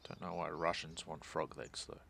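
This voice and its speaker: A man's voice: a bass voice, fairly even intonation, normal speed, creaky, bright, forceful tone, slight background noise. A man thinking aloud as he plays a strategy game, muttering and mocking his own mistakes. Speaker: gaming channel host.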